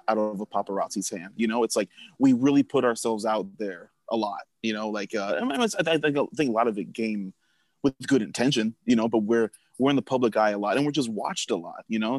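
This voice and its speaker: A man's voice: on the low side, a little mellow, dry recording. A man co-hosting a casual podcast, agreeable and chatty, often laughing along. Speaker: podcast co-host. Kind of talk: casual chat.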